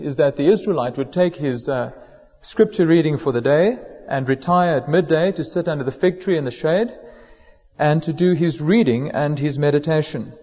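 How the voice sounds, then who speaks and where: A man preaching a sermon in a church, measured and slowing down to stress key words. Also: fairly high pitch. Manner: measured, slows down for emphasis on quoted words. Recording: dull lo-fi sound in a hall with long reverb.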